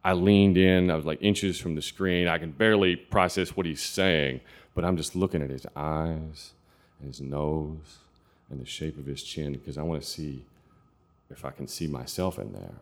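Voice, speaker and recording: A man telling a true personal story in an earnest, confessional way, with halting restarts. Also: very deep voice.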